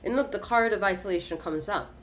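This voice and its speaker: A woman's voice: medium pitch, fast, slight background noise. A woman giving a casual tarot reading in an emphatic, repetitive way, swearing and laughing often. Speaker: tarot reader.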